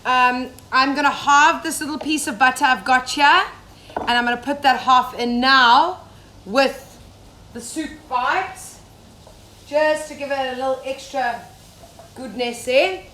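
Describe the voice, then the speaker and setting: A young woman from Zimbabwe cooks live for her viewers, chatting easily and greeting them by name. Her voice sits a little high. The sound is roomy, an echoey home kitchen with a faint hum of ambience behind her. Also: a little slow, pushed and bright. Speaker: safari cook. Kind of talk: live-streamed cooking demonstration.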